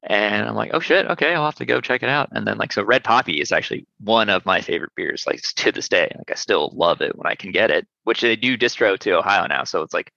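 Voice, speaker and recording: A man's voice: on the low side, expressive, fast, creaky, few pauses, bright, forceful tone, no room sound, highs cut off. A man who runs a small sour beer brewery, chatting casually in an interview with loose, profane talk and many fillers.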